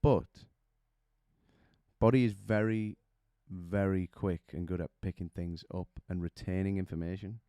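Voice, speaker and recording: Low, mellow male vocal coach. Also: fairly even intonation, unhurried, no echo, studio quality. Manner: explains with images and rhetorical questions. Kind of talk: vocal technique lesson.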